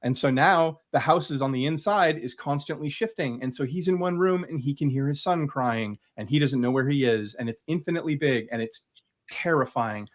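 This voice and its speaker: A man speaks briskly in a medium-pitched voice, chatting casually as a guest creator about his collection on video. He's eager and rambling, leaning heavily on fillers.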